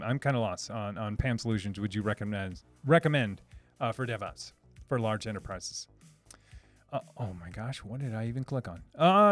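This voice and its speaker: A man's voice: fairly high pitch, dry recording. A man hosting a casual live stream, answering chat questions in a hesitant, restarting way. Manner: hesitant, many restarts, reads chat aloud.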